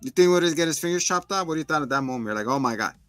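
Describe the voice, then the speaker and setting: A man co-hosts a laid-back film review show, narrating scenes and jumping into character voices as he goes. His voice is bright and forward. The sound is dry and close, with faint music underneath. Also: a little high, very fast, no echo. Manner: animated, acts out movie scenes in voices. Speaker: podcast co-host. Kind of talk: casual movie review chat.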